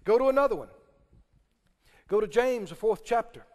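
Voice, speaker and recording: A man's voice: very high voice, expressive, normal speed, long reverb tail. A man preaching a sermon, emphatic and firing questions at the congregation. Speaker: pastor.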